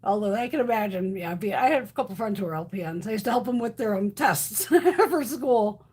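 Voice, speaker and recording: A woman in her fifties chats casually on a live stream, blunt and swearing freely as she tells animated stories. Her voice is medium-pitched, slightly rough, and fairly quick.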